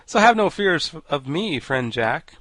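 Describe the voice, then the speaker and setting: A man's voice: a little high, very animated, measured pace, a bit bright, no echo, pitched above the performer's own voice, heavily acted. A man reading an audiobook and voicing a polite, meek young boy who speaks soothingly.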